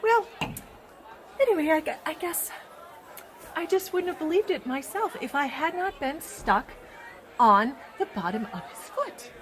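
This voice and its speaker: A woman's voice: high-pitched, animated, measured pace, pauses often, a bit bright, a faint crowd, slight background noise. A woman playing a chatty female water droplet in a comic children's sermon skit, telling her story with gushing drama.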